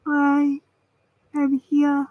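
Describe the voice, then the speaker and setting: A high-pitched woman talks slowly and theatrically to her camera, pressing every point as a dramatic pep talk. The sound is dry and a little dull, like a lo-fi camera recording. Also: monotone, no echo. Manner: slow, theatrical, emphatic delivery. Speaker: vlogger. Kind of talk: dramatic motivational monologue to camera. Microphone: camera mic.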